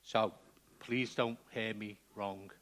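A man's voice: lowish voice, steady tone, takes it slowly, a bit bright. A man preaching a sermon in a conversational way, often checking in with the congregation.

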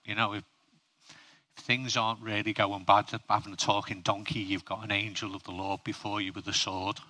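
A man's voice: fairly low pitch, flat delivery, brisk, sharp tone. A man preaching a humorous sermon, chatting with his audience and asking them questions.

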